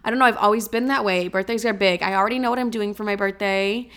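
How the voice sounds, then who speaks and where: A woman's voice: medium pitch, fast talker, a bit bright, clean tone. A young woman hosting a podcast alone, chatting casually and dramatically, swearing and filling her talk with "like". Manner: chatty, dramatic, swears freely, many fillers. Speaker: podcast host. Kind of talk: casual solo chat.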